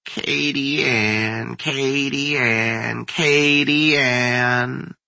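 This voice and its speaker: Man putting on a raspy thin old-woman voice of a lurking monster, hushed, slow, sing-song coaxing, horror story. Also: on the low side, very animated, no room sound, exaggerated voice.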